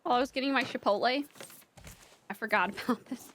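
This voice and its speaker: A woman from around Houston, chatting casually and telling an animated story to friends. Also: a little high, fast, slight background noise. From Houston area, United States. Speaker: streaming friend.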